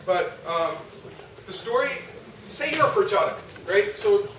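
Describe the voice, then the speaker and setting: High-voiced young man lecturing in a hall. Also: animated, unhurried, a bit bright. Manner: conversational, asks the audience, frequent rhetorical "right?". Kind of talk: religious youth talk. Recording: echoey hall from far off, noisy.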